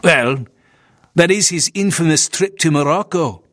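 Man voicing a fussy Victorian clergyman, disapproving, stiff, lively rising and falling pitch, dry close sound. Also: unhurried, dry recording. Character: nervous disapproving male Victorian minister.

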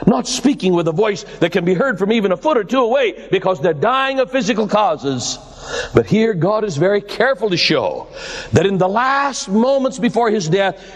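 A male pastor preaching a sermon, slow and emphatic, with dramatic pauses and sudden loud cries. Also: high-pitched, big-room sound.

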